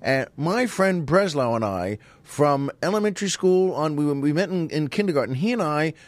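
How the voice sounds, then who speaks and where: Male podcast host, rambling storyteller, fairly high voice, dry close recording. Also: animated, moderate pace, no echo. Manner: rambling, digressive, chuckling storyteller. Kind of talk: casual comic monologue.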